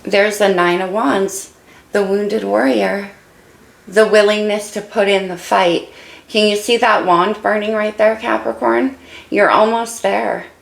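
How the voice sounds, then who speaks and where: A woman's voice: mid-range voice, steady tone, measured pace, gravelly, reverberant, low-quality recording. A woman giving an encouraging, emotional tarot reading while losing her voice. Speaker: tarot reader.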